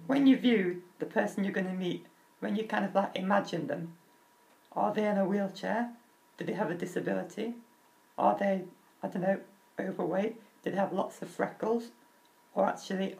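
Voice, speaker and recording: A man's voice: sits high, gravelly, darkish tone, low-quality recording. A young man talking candidly and earnestly to his viewers, reflecting aloud and putting direct questions to the listener. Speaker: vlogger. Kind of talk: candid personal talk to the viewer.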